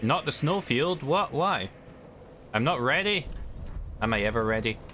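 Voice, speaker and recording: A man's voice: mid-range voice, lively intonation, measured pace, noisy background. A Scottish man streaming a video game, chatting casually with viewers and rambling as he answers their questions. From Scotland. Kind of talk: casual chat while gaming.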